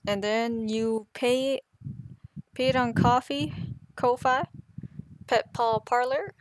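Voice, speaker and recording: A woman's voice: fairly high pitch, fairly even intonation, slow, no room sound. Chatty woman streamer, dry close sound. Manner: chatty, rambling, laughs at herself. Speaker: artist streamer. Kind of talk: casual live-stream chat.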